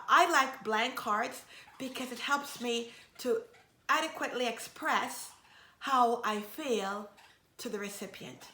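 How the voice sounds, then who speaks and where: A woman giving gentle, earnest advice in a measured instructional talk. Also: a little high, roomy sound.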